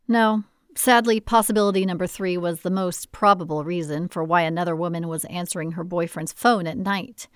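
A woman narrating a novel in an expressive, measured storytelling manner. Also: on the low side, no room sound, studio quality. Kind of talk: audiobook narration.

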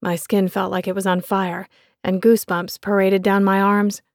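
A woman's voice: medium pitch, level tone, normal speed, dry recording. Woman reading a romance audiobook. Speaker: audiobook narrator. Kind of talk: first-person romance novel narration.

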